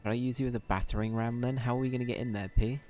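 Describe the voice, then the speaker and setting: A man's voice: medium pitch, steady tone, racing, a little mellow, soft background music, close to an everyday voice. A man voicing an earnest young boy hero in a game, speaking politely and with worry. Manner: earnest, questioning.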